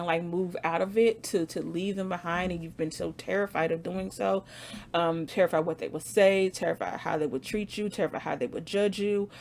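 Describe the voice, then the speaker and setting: A young woman giving a casual tarot reading, animated and slangy, laughing often and repeating phrases for emphasis. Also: fairly low pitch, slight background noise. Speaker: tarot reader.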